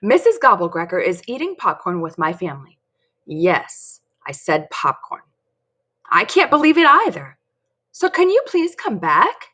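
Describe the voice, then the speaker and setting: A woman voicing a stubborn, spirited young girl narrating her own story with excited emphasis. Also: medium pitch, a little slow, husky, heavily acted.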